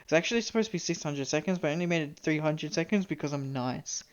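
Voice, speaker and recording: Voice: medium pitch, fast, lo-fi sound. A young-adult game streamer from Canada, chatting casually, rambling, self-mocking and swearing freely. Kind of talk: casual live-stream chat.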